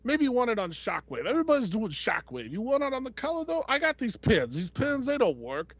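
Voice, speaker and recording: Man impersonating a pushy wise-guy toy artist, high nasal patter, lively swoops, dry close sound. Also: a little fast, no echo, lo-fi sound, full character voice. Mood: pushy, chummy. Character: fast-talking East Coast male toy artist, pushy.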